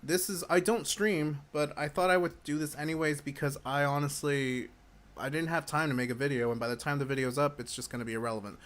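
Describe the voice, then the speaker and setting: Hyped up and chewing gum, this man runs a casual livestream Q&A for his game's community, talking briskly in a fairly high, fairly bright voice with mostly even intonation. His answers to viewers wander chattily, and he keeps breaking off his own sentences.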